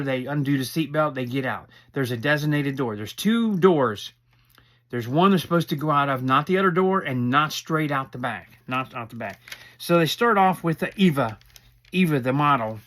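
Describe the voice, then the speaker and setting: A man's voice: medium pitch, a bit bright. A man casually recapping a reality show episode, talking in a rambling, conversational way with asides and restarts.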